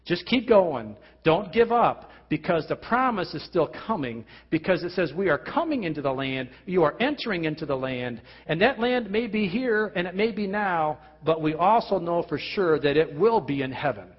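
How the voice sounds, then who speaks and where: Male pastor, slightly high husky voice, earnest sermon, lo-fi hall recording. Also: very animated, normal speed, hardly any pauses. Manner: earnest preaching with frequent restarts and rhetorical questions. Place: church hall. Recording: lo-fi recording with long hall reverb.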